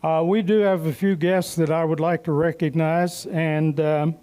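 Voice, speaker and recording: A man's voice: fairly high pitch, little pitch movement, moderate pace, warm tone, clear, resonant tone. A man emceeing a club meeting who tells folksy, joking stories and makes announcements.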